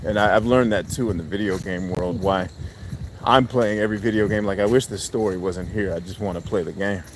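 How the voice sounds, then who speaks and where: A man's voice: sits low, steady tone, fairly quick, a little hiss or hum. A man hosting a live stream, chatting casually with viewers in a blunt, joking way, swearing freely and laughing often. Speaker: podcast host doing a live stream.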